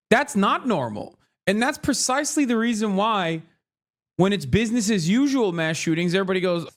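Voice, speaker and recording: A man with a fairly high voice ranting through an animated commentary. He is profane and sarcastic and keeps slipping into mocking voices. He sounds like a streamer in his thirties reacting to the news. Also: moderate pace.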